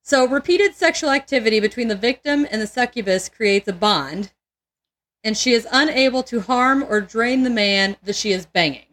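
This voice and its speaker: A woman's voice: fairly high pitch, lively intonation, moderate pace, fairly bright tone. A woman co-hosting a podcast in casual chat, crude and joking, laughing often and tripping over words. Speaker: podcast co-host.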